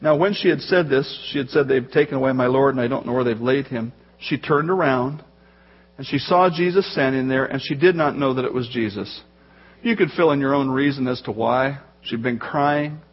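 A man preaching a sermon as pastor, telling the story in a lively way and acting out the voices in the quotes. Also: mid-range voice, normal speed, husky, highs cut off.

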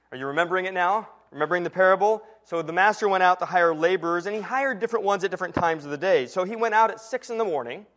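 Man preaching, higher voice, sinking to a hush. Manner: earnest teaching tone, slows and drops to a hush at key lines. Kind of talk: sermon.

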